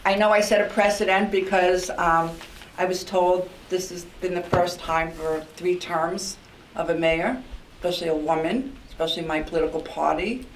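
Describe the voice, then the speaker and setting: A woman's voice: on the low side, fairly even intonation, moderate pace, a little hiss or hum. Older woman, New York accent, heartfelt mayor's farewell speech, ums and repeats, distant mic in an echoey room. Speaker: outgoing mayor. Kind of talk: farewell speech at a council meeting. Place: council meeting room.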